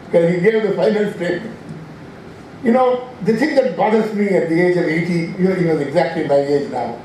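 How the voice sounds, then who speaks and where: A man's voice: high voice, brisk, a little mellow, slight background noise. A man in his eighties with an Indian English accent, giving a rambling, anecdotal inaugural speech in a large hall, full of restarts and self-corrections. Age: 80s. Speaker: scientist giving an inaugural address. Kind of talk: informal speech. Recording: very echoey hall from far off.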